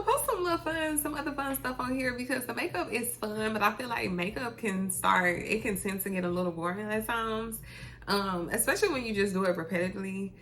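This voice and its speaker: A woman's voice: medium pitch, gravelly, bright, forceful tone, a little hiss or hum. A woman, a beauty vlogger chatting to her viewers in a talkative, heartfelt way. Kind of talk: casual chat to camera.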